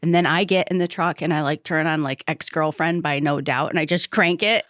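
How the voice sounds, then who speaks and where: A mother co-hosting a podcast, telling stories in a playful, animated way. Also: low voice, brisk, no echo, studio quality. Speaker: podcast co-host. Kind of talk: casual chat.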